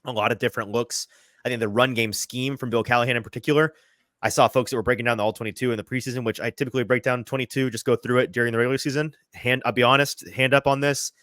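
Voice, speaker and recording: A man hosting a sports podcast in casual chat, quick and self-deprecating, a little out of breath. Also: medium pitch, fairly even intonation, a bit bright, no echo. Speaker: podcast host. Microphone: headphones, remote call.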